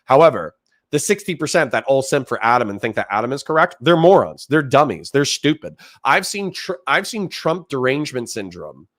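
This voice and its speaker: A man hosting a livestream, talking off the cuff in a heated, animated rant. His pitch jumps around a lot as he reacts. He is recorded close on a streaming mic. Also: a little fast. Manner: animated, ranting, reads chat aloud. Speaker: streamer host. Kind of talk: casual livestream commentary.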